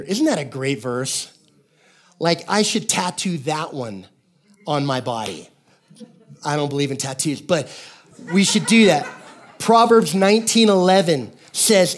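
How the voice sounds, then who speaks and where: A man in his fifties gives a sermon from the pulpit, his voice sitting a little high. He tells stories in a loose, conversational way, acts out the people in them and keeps calling out to the congregation. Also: animated, a little slow. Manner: storytelling, conversational, calls out to the congregation; acts out characters in quoted voices. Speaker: pastor.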